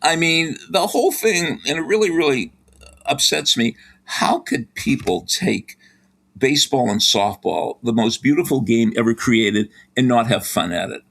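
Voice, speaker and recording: A man's voice: unhurried, creaky. Older guy, psych prof on a podcast, voice jumps all over as he tells stories. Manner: lively, animated storytelling with big pitch swings. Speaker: sports psychology professor, guest. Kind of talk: interview, storytelling advice.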